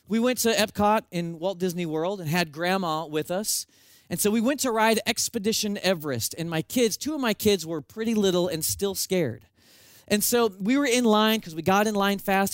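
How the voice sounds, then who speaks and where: A man preaching a sermon with animated storytelling and self-mocking humor. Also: high voice, no echo. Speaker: pastor.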